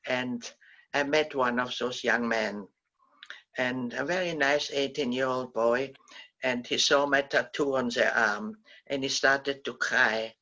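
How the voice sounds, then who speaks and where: Older woman, survivor guest speaker, forceful bright tone, halting storyteller, lo-fi sound. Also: very deep voice, steady tone. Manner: halting, gentle storytelling with frequent restarts. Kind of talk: recounting personal memories in a talk.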